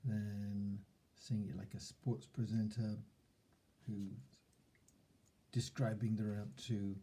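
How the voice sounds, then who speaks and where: A man giving a relaxed self-help lesson, thoughtfully recapping points and demonstrating tones of voice. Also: lowish voice, slow, breathy edge. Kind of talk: relaxed instructional talk.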